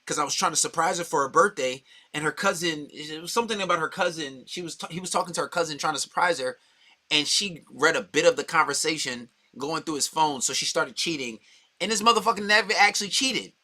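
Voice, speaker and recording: A man in a dating-coach role delivers a heated, profane monologue. His voice sits a little high, and his tone is bright and forceful. He talks bluntly, with no softening. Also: fast talker. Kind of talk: opinionated monologue.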